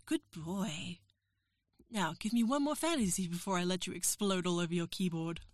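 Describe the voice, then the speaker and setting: A woman's voice: mid-range voice, dry recording, clean studio sound. A woman performing an erotic audio role-play as a professor, teasing, coaxing and giving orders.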